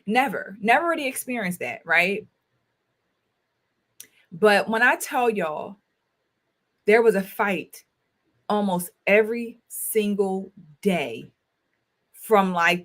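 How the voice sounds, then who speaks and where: A woman's voice: medium pitch, animated, takes it slowly, long pauses. A woman in her thirties hosting a casual livestream, talking emphatically, repeating her phrases and speaking straight to her viewers. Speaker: talk show host and school counselor.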